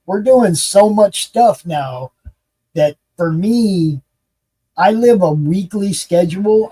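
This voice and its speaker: A man hosting a casual hangout chat, rambling and profane with quick laughs. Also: sits high, dark tone, low-quality recording. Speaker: host.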